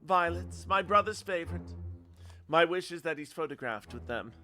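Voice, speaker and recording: A man's voice: a little high, animated, normal speed, bright, forceful tone, soft background music, pitched above the performer's own voice. A man reading aloud as a snobbish upper-class Victorian woman with prim, scolding formal speech. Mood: stiff.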